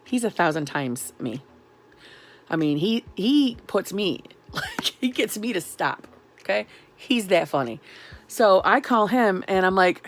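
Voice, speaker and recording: A woman in her thirties from New York State, telling a sarcastic, animated venting story in a vlog. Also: on the low side, normal speed. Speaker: vlogger.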